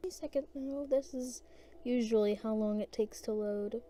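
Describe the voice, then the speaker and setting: Woman, casual gameplay commentator; soft, mellow tone, unhurried and meandering delivery. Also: fairly high pitch. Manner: rambling, hesitant, thinking aloud.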